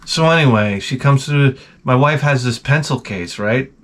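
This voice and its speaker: Rambling through comic stories on his channel, an American host swears freely and slips into muttered asides, staying animated throughout. He speaks at a moderate pace with a medium pitch, and there's slight background noise.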